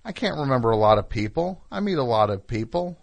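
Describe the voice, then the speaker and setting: A man's voice: mid-range voice, sing-song, quick pace, creaky. Wry rambling male radio host. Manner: rambling, wry, self-deprecating storytelling. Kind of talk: casual monologue and call-in chat.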